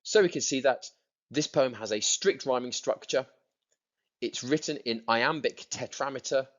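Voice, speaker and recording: A man's voice: medium pitch, moderate pace, lo-fi sound. A male teacher walking students through a poem, stressing words by repeating them and tapping out rhythms. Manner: explanatory, repeats words for emphasis, taps out rhythms. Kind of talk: recorded lesson for students.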